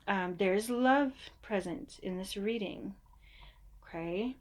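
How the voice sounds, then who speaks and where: Slow, chatty woman reading tarot. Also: mid-range voice. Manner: chatty, reassuring, slips into mock voices. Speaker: tarot reader.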